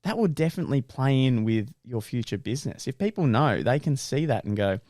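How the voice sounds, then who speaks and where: A young man co-hosting a podcast, telling stories in an animated way, laughing and swearing casually. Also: mid-range voice, fairly quick, no echo, clean studio sound. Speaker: podcast co-host. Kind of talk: casual chat.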